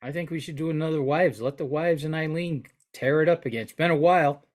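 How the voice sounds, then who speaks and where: A man's voice: a little high, fast talker. A man co-hosting a podcast who rambles and jokes in casual banter with his partner. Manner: joking, rambling. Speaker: podcast co-host, flooring contractor.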